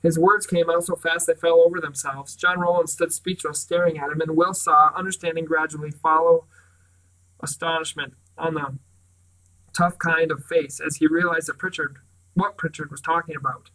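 A man's voice: a little high, flat delivery, moderate pace, pushed and bright, far from the mic, rough recording. Man reading a novel aloud. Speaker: reader. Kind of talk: audiobook reading.

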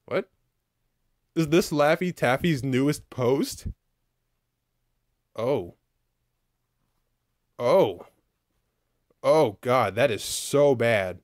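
A man talking in a comedy puppet sketch, dry and deadpan. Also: medium pitch, drawn-out words, long pauses, no echo.

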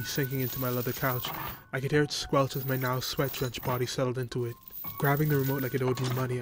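Flat-voiced man narrating horror. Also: medium pitch. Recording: music bed under voice.

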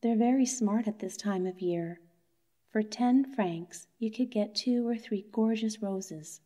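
A woman voicing an earnest young male clerk who pleads with his wife in a bedtime story, in a gently insistent manner. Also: medium pitch, unhurried, lightly acted. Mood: coaxing.

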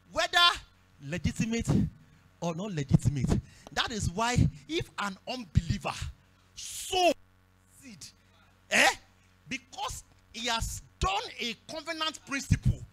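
A man with a Nigerian accent preaching a sermon at a church service, repeating phrases and breaking into shouts. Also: very high voice, slightly rough. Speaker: pastor.

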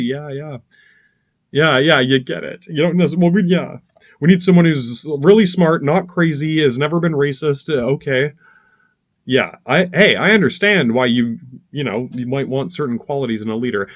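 A man's voice: medium pitch, normal speed, dry recording. Rambling, foul-mouthed male podcast host, dry sound. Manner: rambling, swearing, many restarts and asides. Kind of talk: casual profane rant.

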